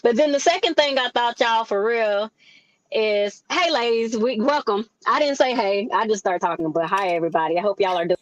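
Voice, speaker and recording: Chatty higher-voiced woman host. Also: brisk, no echo, dull audio. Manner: chatty, addresses listeners directly. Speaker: podcast co-host. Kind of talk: casual podcast chat.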